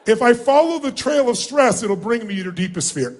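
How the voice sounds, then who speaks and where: A middle-aged man giving a motivational seminar to a large crowd in a hall, commanding and often yelling instructions. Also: very high-pitched, animated, a little fast. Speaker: motivational speaker. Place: large hall with thousands of people.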